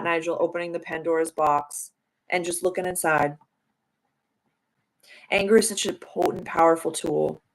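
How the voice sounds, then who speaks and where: A young woman with a lowish voice does a casual live tarot reading as a stream host, keeping it chatty and reassuring with spiritual wording and frequent "like" fillers, over rough audio.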